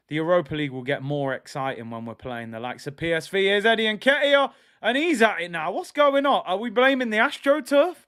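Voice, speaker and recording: A man hosting a live football watch-along, reacting loudly to play and reading out viewer comments. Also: smooth, no echo, clean studio sound. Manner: excitable, trailing off with a low "people"; reads out chat comments between play calls.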